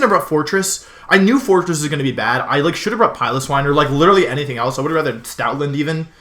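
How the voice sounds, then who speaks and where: A man's voice: on the high side, bright, forceful tone. A young man from Washington, D.C. chatting casually over a Pokémon match, rambling with lots of ums and self-interruptions. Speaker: Pokémon game streamer. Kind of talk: casual game commentary.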